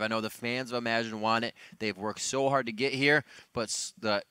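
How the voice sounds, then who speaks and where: A man casting an esports match play-by-play, excitable and jumping in pitch for emphasis. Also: a little fast, hardly any pauses, clear, resonant tone, no room sound. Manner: excited, jumps high in pitch when stressing points. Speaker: esports caster. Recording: commentary over game music.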